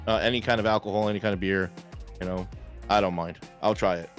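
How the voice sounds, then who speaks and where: A man's voice: low voice, fairly even intonation, fast, faint music behind. A married man, a podcast guest chatting bluntly and jokingly. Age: adult. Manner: blunt, jokey, emphatic. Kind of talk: casual chat.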